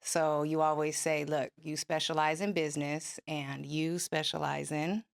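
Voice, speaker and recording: Give me a low-pitched woman talking reflectively on a couples podcast. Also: level tone, unhurried, creaky. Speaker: podcast co-host. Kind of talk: casual couple's podcast chat.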